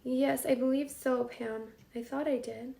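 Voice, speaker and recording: A woman with a bright, high voice hosts a live cooking stream from her home kitchen. She chats loosely with viewers, reads their names aloud and talks to herself as she works. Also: steady tone, measured pace, vocal fry. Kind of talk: casual live-stream chat while cooking.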